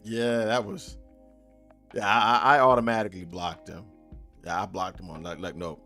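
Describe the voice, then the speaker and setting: This game developer streamer keeps things loose and joking, laughing often as he talks to chat during a casual live stream. His lowish voice has little pitch movement and sounds pushed and bright at a normal speed, with faint music behind him.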